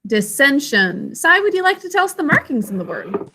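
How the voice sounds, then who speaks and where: A woman's voice: very high-pitched, very animated, fast talker, bright, forceful tone, a little hiss or hum. A woman teacher leading a vocabulary and spelling lesson. She asks the class questions, calls on students by name, and patiently sounds out each syllable.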